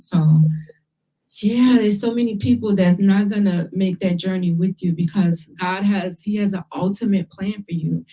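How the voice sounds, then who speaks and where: A woman's voice: medium pitch, normal speed, far from the mic, low-quality recording. A woman hosting a talk show, speaking in an encouraging, conversational way. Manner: encouraging, conversational, uses lively quoted asides. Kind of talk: casual talk show chat.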